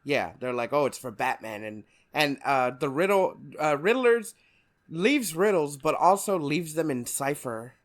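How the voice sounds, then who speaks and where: A man's voice: a little high, big pitch swings, measured pace. A male podcast co-host talking casually about a film, rambling and laughing often.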